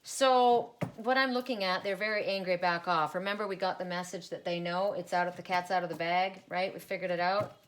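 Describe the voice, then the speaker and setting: A woman's voice: on the low side, steady tone, brisk, hardly any pauses, slight background noise. A middle-aged woman giving a solo oracle card reading, musing aloud and repeating card messages in rambling asides.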